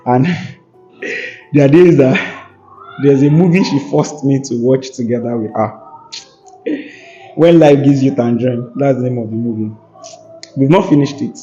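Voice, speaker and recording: A man's voice: medium pitch, unhurried, pauses often, warm tone, dull audio, soft background music. A young man talking earnestly and emphatically as a podcast guest, with a preacherly tone. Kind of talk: earnest conversational talk.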